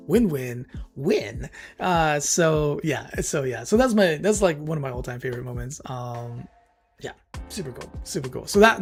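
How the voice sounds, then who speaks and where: A man hosting a livestream, telling a story in casual, excited, rambling chat full of fillers and emotional outbursts. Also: on the high side. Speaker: streamer and channel host.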